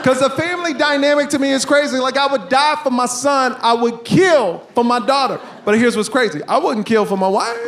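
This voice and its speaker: A man in his thirties doing a stand-up comedy set on a club stage, with animated, punchy delivery and shouted punchlines. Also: very high voice, a little fast, hardly any pauses. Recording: echoey room with background noise.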